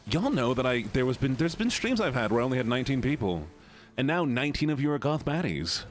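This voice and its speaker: A man's voice: medium pitch, very animated, fast talker. A man streaming live, chatting casually and rambling to his viewers, often breaking into laughter. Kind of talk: casual livestream chat.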